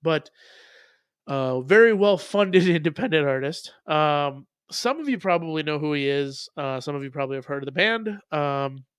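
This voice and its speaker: Rambling, cursing man streamer, higher voice. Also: expressive, moderate pace, smooth, dry recording, clean studio sound. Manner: rambling and profane, many ums. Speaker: streamer host reacting to music. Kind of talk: casual live-stream chat.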